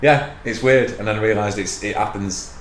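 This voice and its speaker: A man's voice: fairly low pitch, normal speed, slight background noise. A man with a broad Manchester accent, a stand-up comedian chatting as a podcast guest, swearing freely and laughing often. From Manchester, England. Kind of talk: casual podcast chat. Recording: roomy echo, faint ambience.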